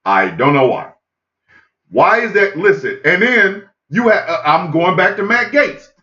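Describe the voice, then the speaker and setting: A man delivering a loud, incredulous comedic rant, repeating himself and shouting his disbelief. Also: sits high, sing-song, a little slow, echoey room, lo-fi sound. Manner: loud, incredulous, repetitive ranting. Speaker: comedy podcast host. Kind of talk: ranting comedic monologue.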